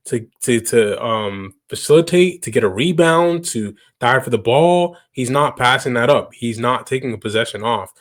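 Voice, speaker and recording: A young man from Canada hosting a reaction video, talking casually and emphatically, often repeating himself for stress. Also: medium pitch. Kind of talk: casual commentary.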